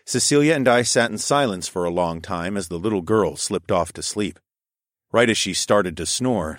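A man narrates a story in the first person with a calm, measured delivery. His voice sits low. The recording is dry and close, with no room sound. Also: no echo. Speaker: narrator and lead character.

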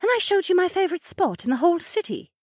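A man voicing a poised young she-wolf duchess in an audiobook, gentle and reminiscing. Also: very high-pitched, sing-song, quick pace, no echo, clean studio sound, voice pushed up. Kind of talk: audiobook character voice.

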